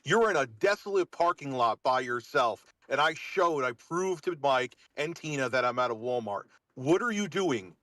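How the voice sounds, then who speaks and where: A man's voice: mid-range voice, expressive, normal speed, few pauses, sharp tone, no echo. Give me a man in a heated argument, dry and close. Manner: heated, accusatory. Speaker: stream guest.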